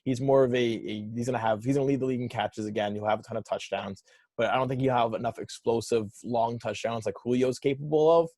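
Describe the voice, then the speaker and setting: A man co-hosts a casual sports podcast, breaking down players in a brisk, no-nonsense way. His voice is recorded close and dry, with no room sound. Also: mid-range voice, fairly even intonation, a little mellow, no room sound. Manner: brisk, matter-of-fact analysis. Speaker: podcast co-host.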